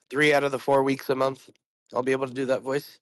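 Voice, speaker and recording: A man who is sick and keeps clearing his throat, chatting bluntly and swearing a lot on a group voice call about trading and his job. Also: mid-range voice, little pitch movement, moderate pace, dry recording. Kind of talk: casual chat.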